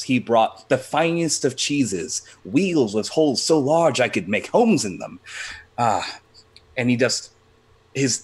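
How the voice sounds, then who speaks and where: A man playing a tabletop role-playing game, speaking in character as a professor with a dry, long-winded storytelling manner. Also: on the low side. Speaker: player.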